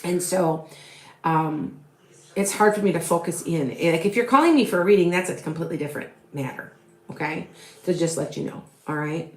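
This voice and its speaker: A woman's voice: on the low side, moderate pace. A middle-aged woman doing a live tarot reading, answering viewers' questions in a rambling, chatty way full of fillers and restarts. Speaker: tarot reader and psychic medium. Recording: echoey room.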